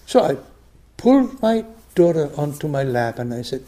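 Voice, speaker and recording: An older meditation teacher gives a dharma talk in a mellow, fairly high voice. His pitch rises and falls a lot as he reads. He speaks slowly, and many phrases fade to a soft whisper. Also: big pitch swings. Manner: soft, unhurried, phrase ends dropping to a whisper. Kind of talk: dharma talk, reading a story aloud.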